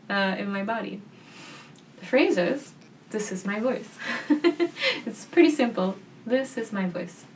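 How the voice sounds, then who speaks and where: A young woman guiding a gentle voice practice in a soft, calm, reassuring way. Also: medium pitch, recorded from a distance, a little hiss or hum. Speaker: voice teacher.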